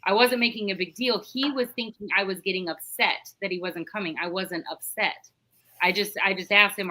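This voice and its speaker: A woman's voice: medium pitch, steady tone, normal speed, bright, forceful tone. A middle-aged woman, a podcast guest, telling a story in a chatty, rambling way and acting out the dialogue. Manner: recounts dialogue in a chatty, rambling way with many restarts. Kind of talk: casual storytelling.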